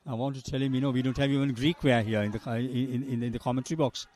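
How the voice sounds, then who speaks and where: A man's voice: mid-range voice, little pitch movement, fast, a little mellow, slight background noise. Older Sri man, chatty cricket commentator. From Sri Lanka. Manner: chatty storyteller, drifts between anecdotes and play calls. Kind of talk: live cricket commentary with anecdotes.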